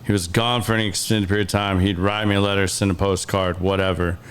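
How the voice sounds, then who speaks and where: A man's voice: sits low, fast talker, a little hiss or hum. A man hosting a podcast, chatting casually and chiming in with short reactions. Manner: relaxed, chimes in with short reactions. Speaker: podcast host. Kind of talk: casual chat.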